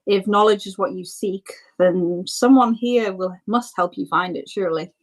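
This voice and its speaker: A woman narrating scenes as game master of a tabletop role-playing game, descriptive and relaxed. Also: medium pitch, moderate pace, low-quality recording.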